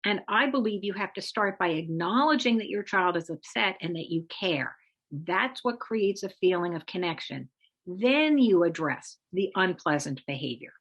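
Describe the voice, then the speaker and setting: Measured woman explaining parenting steps. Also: mid-range voice, fairly bright tone. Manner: measured, explanatory, acts out example phrases for parents. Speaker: parenting expert presenter. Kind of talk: instructive webinar talk.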